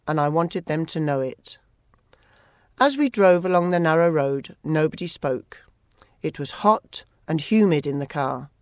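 An audiobook narrator who reads a first-person story in a steady, measured way. The voice sits in a middle pitch, recorded close up with no room echo.

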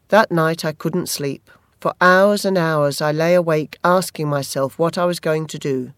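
A first-person audiobook narrator with a mid-range voice, telling the story at a steady, measured pace. The recording is close and dry, with almost no room sound. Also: mid-range voice, no echo.

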